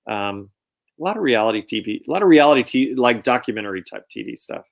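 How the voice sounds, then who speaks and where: A man's voice: mid-range voice, animated, quick pace, creaky. Hesitant man guest on a video call. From Southeast United States. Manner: hesitant, many fillers when listing. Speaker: guest, financial adviser. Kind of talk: casual video-call chat.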